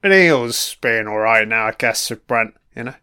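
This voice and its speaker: A man's voice: medium pitch, expressive, unhurried, sharp tone, clear, resonant tone. A man giving a casual, sweary audio commentary and calling his listeners "man" as an emotional, enthusiastic fan. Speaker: podcast commentator.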